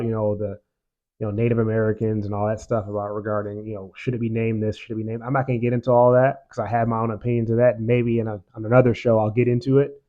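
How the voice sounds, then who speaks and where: A man's voice: on the low side, a little mellow, highs cut off. A man hosting a show, giving casual, opinionated commentary in an emphatic way and repeating phrases for effect. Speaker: show host.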